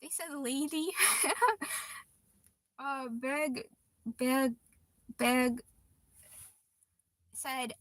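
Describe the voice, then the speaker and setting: A woman's voice: high-pitched, steady tone, drawn-out words, long pauses, dry recording. A woman in her twenties chatting casually on a livestream, reading viewer comments aloud and laughing often. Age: 20s.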